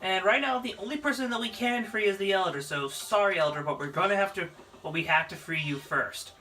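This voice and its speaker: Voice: medium pitch, a little fast, bright, forceful tone. Rambling let's play narrator, far mic. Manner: rambling, laughs often. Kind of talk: casual gameplay commentary. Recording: distant mic, game music behind.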